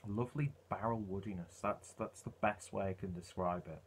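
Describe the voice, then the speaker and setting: A man's voice: on the low side, normal speed, a little hiss or hum. A man reviewing a beer in a casual, rambling way, full of ums and uhs.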